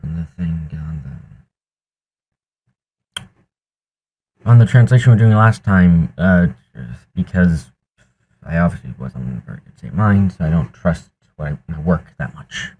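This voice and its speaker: Breathless, low-voiced man streamer. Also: darkish tone, breathy edge. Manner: halting, trailing off, sighing. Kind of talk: casual stream chat.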